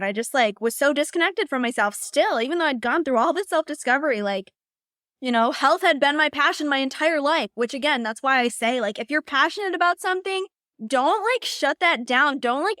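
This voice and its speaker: A young woman hosting her podcast, telling her personal story in a casual, chatty way, full of "like" and quick laughs. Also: fairly high pitch, fairly bright tone, clean tone, no echo, clean studio sound. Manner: casual, heavy use of "like", laughs often. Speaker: podcast host and coach.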